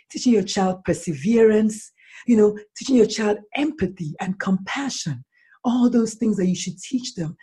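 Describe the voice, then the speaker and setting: A woman author answering interview questions, animated and acting out bits of dialogue as she talks. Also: medium pitch, breathy edge. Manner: animated, acts out dialogue in lively voices. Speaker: author guest.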